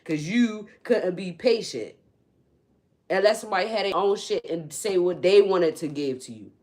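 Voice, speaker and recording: A woman spiritual reader ranting on her livestream, blunt and profane, swinging from low muttering to loud, high-pitched outbursts. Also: lively intonation, normal speed. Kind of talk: unscripted livestream rant.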